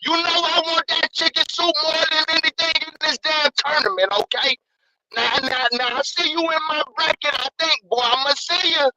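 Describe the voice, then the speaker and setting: Heated, high-voiced man ranting on a call. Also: moderate pace, pushed and bright, rough recording. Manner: profane, slangy and heated, repeats himself. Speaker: caller. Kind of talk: fired-up call-in rant.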